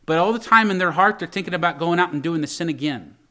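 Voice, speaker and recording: Bright-voiced man preaching a sermon. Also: on the high side, fast. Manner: impassioned preaching, quoting scripture in old English, pleading voice for David. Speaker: pastor.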